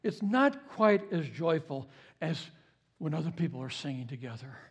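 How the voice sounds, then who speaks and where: A man with a notably high voice preaches a sermon, chatting to his congregation more than lecturing. He drives points home by repeating them, jumping from loud emphatic bursts down to quiet low asides. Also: lively intonation, normal speed, slightly rough. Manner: conversational, repeats key phrases for emphasis. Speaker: pastor.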